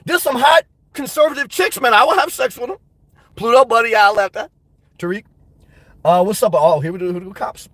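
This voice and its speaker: A very high-pitched man talks loosely and crudely to his live-stream viewers, reading their comments aloud and laughing often. The sound is close and dry, with no room around it. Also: fairly quick, fairly bright tone, no echo. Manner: rambling, joking, reads out chat comments. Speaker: livestream host.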